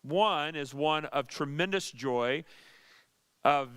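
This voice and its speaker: A man's voice: mid-range voice, normal speed, bright, forceful tone, clean tone. A man, a pastor, teaching a Bible study in an earnest, conversational way with dry sarcastic asides.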